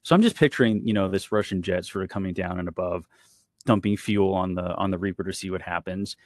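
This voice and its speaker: A man who once flew military aircraft, talking in an animated, exasperated way in a panel discussion. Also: sits low, fairly quick, no echo, studio quality. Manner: fired-up, exasperated, emphatic. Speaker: former military pilot and analyst.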